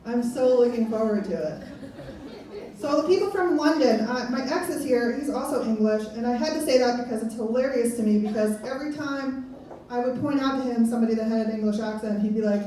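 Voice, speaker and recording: A woman in her thirties doing stand-up comedy in a club, her slightly high voice rambling and self-mocking. She is caught from far off in a very echoey room. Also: fast talker, warm tone. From Pennsylvania. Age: 30s. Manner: rambling, self-mocking, laughing at own jokes.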